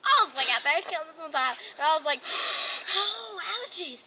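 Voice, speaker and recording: A woman's voice: sits high, expressive, moderate pace. A teenage girl telling a rambling comic story in a vlog, giggly and full of fillers. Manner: giggly, filler-heavy with constant "like". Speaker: vlog host. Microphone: phone. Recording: phone recording with loud hiss.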